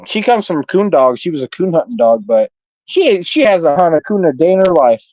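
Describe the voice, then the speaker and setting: Man on a live panel, fairly high voice, boisterous and foul-mouthed, dry close mic. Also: very animated, moderate pace, a little mellow, dry recording, low-quality recording. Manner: boisterous, profane, bragging. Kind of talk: casual livestream chat.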